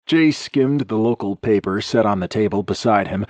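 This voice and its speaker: A man's voice: on the low side, moderate pace, a little mellow, no room sound. A man reading a first-person romance audiobook in a wry, conversational way, close to the mic. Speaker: audiobook narrator.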